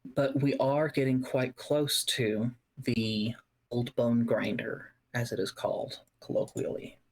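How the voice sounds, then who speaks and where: A game master narrating a tabletop game, setting scenes with slow, descriptive phrasing and pauses. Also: mid-range voice, fairly even intonation.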